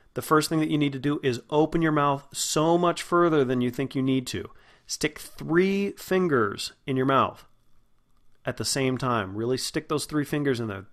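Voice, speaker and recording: Man, podcast host, acting coach, instructive, demonstrates sounds slowly. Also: mid-range voice, a bit bright. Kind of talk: spoken lesson on vowel sounds.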